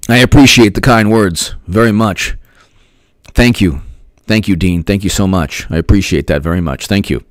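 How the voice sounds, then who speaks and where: A man's voice: on the low side, measured pace, pauses often, no room sound, clean studio sound. A man hosting a casual political livestream, thanking viewers by name and firing off repeated rhetorical questions. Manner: animated rhetorical questions, repeats lines for emphasis. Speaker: political commentary livestream host. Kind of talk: casual livestream commentary, reading chat.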